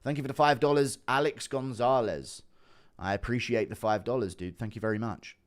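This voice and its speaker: A young man hosting a livestream, chatting casually and swinging between loud bursts and low mumbles. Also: fairly even intonation, brisk. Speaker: livestream host.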